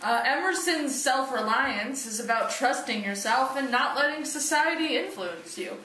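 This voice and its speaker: A woman's voice: high voice, lively intonation, normal speed, bright, forceful tone, slight background noise. A teenage girl reading her part of a class project, with "um" and "let's see" between points. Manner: reads with fillers "um" and "let's see". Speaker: student presenter. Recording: echoey room from far off.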